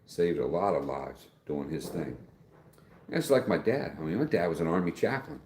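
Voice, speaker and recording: Deep-voiced man chatting on a livestream. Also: expressive, normal speed, a little mellow, slight background noise. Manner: rambling, folksy, trails off and restarts. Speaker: livestream host. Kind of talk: casual livestream chat reading viewer comments. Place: at home. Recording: echoey room.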